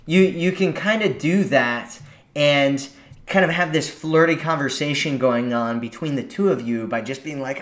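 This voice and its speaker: A man's voice: normal speed, fairly bright tone. Man, dating coach, casual chatty advice, roomy echo. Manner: chatty, acts out quoted lines in higher voice. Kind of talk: casual advice talk to camera.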